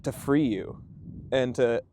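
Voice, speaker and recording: A man hosting a podcast, reacting with enthusiastic exclamations and asking questions in a relaxed, conversational way. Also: mid-range voice, slow. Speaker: podcast host. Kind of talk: casual conversational interviewing.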